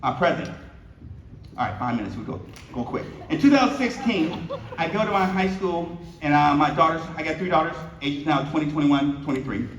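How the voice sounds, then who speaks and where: A man in his fifties, his voice a little high and his pace brisk, delivers a humorous storytelling keynote at a banquet hall luncheon, acting out dialogue and joking with the audience. The room recording is echoey, distant and a touch dull.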